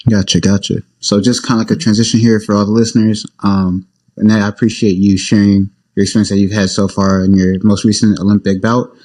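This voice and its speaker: A man hosts a casual interview podcast, asking his questions in a relaxed, hesitant way. His voice sits low and stays fairly flat. The tone is mellow and dark. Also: a little fast. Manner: laid-back, hesitant questions with many fillers. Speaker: podcast host.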